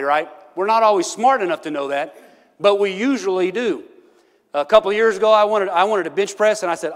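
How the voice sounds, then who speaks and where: A middle-aged man preaches in a church, his fairly high voice ringing with a long hall reverb. He tells homely stories and often stops to ask his listeners "right?", laughing along as he talks. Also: a bit bright. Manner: folksy storytelling, laughs often, asks "right?". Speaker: pastor. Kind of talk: sermon. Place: church sanctuary.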